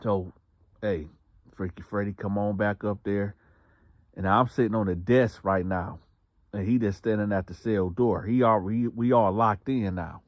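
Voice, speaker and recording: A man's voice: on the low side, steady tone, a little slow, no room sound. A man casually telling a story in a slangy, plain-spoken way, often repeating words. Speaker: storyteller host. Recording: dull lo-fi dry recording.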